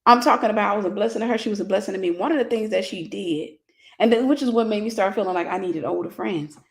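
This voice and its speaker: A woman's voice: mid-range voice, fast, gravelly. A woman minister in her forties telling a personal story in a casual livestream sermon, greeting viewers by name.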